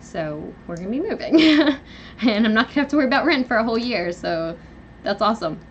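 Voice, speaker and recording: A young woman hosting a live stream from home, rambling through an animated personal story with lots of fillers. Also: on the high side, a little fast, muffled recording, a little hiss or hum. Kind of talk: casual venting live chat. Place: at home, indoors.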